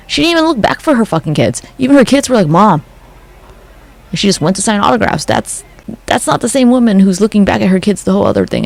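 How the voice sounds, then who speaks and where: A profane, gossipy vlogger talks through photos in a loose, unscripted rant and keeps breaking into little acted-out quotes. The voice is gravelly and swings widely up and down in pitch. Underneath the energy, the speaker sounds a little bummed. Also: a little mellow. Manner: profane, gossipy, acts out quick mock quotes. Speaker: conspiracy commentary vlogger. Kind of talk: casual rant over photos.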